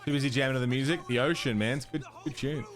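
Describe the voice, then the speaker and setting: A man's voice: medium pitch, fast. A man thinking aloud as he streams a puzzle game, muttering and counting under his breath. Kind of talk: casual gameplay commentary. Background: game music.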